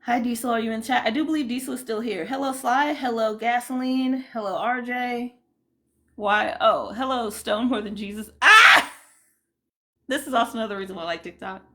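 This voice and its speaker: A woman's voice: on the high side, fairly quick, fairly bright tone. A woman hosting a casual livestream, chatting loosely and greeting viewers by name. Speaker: livestream host.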